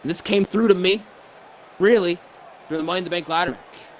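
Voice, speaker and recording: Voiced by a man, this is a worn-out, emotional wrestler cutting a promo, stumbling over his words in halting restarts. His voice sits a touch high, with faint background hiss. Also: lightly acted. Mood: earnest. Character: weary, emotional male wrestler, middle-aged, soft-spoken. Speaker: fan performer voicing a pro wrestler. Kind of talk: wrestling promo role-play.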